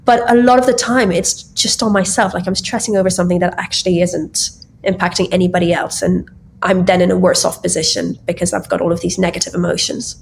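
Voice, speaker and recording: A woman's voice: mid-range voice, slight background noise. A woman guest on a podcast, chatting casually and lightheartedly, laughing often between many fillers. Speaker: guest, tech founder.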